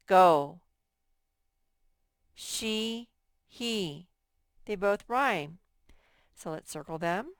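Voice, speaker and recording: A woman's voice: lowish voice, clean tone, no echo, clean studio sound. A woman teaching a recorded phonics lesson to first graders, patient and spelling things out word by word. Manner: slow, patient, drawn-out word by word.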